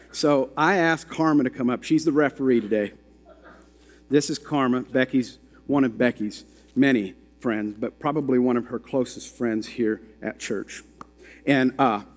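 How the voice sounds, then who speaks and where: Man, preacher, sermon storytelling, emphatic questions to the crowd, mid pitch, long church reverb. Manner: emphatic, asks the congregation questions. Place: church sanctuary. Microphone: handheld or stand microphone.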